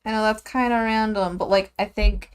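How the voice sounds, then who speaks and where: Young woman chatting while she draws, giggly, rambly, kinda trails off quiet, desk mic. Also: medium pitch, steady tone, normal speed, clean tone. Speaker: streamer drawing goose characters. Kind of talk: casual chat while drawing.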